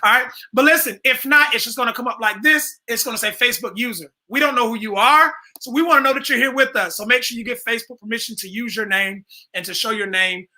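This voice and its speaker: Male live-stream host, high and very bright voice, playful hype man, computer mic. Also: fast talker, low-quality recording. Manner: playful, hyped, shouts introductions.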